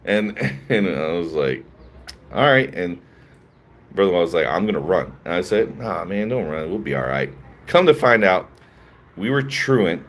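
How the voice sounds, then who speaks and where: Philly guy streaming, telling a story slow and lively, laughs a lot, lowish voice. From Philadelphia. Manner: laughs often, animated slangy storytelling. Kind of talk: casual storytelling to live chat.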